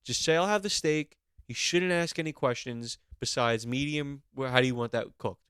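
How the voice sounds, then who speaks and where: Young male podcast co-host, cocky mock-lecturing delivery, smooth tone, dry close mic. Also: medium pitch, moderate pace, a bit bright, no echo. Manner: brash, mock-instructive, profane. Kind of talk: comedic podcast rant.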